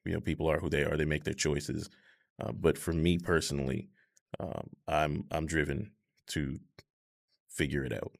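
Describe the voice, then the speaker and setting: Deep, gravelly man in his thirties. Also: level tone. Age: 30s. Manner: measured and reflective, with many fillers. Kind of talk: casual conversation.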